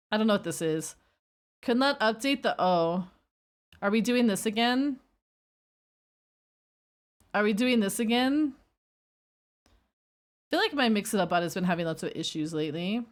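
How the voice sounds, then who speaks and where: A woman streamer chatting casually and rambling while reacting to her chat. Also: mid-range voice. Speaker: livestreamer.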